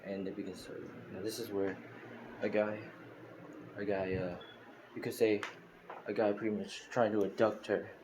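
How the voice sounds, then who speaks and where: A man's voice: on the low side, flat delivery, normal speed, pauses often, noisy background. A man casually retelling a fan story, rambling along with many restarts and fillers.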